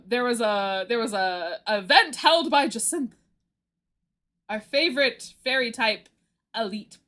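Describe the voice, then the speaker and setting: A woman streamer chatting casually on a livestream, telling a rambling, animated story and often giggling. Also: mid-range voice.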